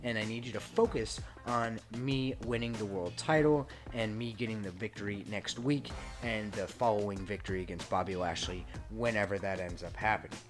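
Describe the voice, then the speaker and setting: A man putting on an impression of a pompous male wrestling king, scolding and bossing his underlings in a high, loud rant. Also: moderate pace, few pauses, music in the background, lightly acted. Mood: angry scolding. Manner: ranting, scolding, demanding.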